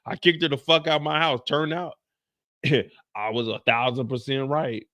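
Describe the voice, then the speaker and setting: Loud, profane male recap host. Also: mid-range voice, moderate pace, no echo. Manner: loud, profane, animated, acts out dialogue. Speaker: show host. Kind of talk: casual recap and storytelling.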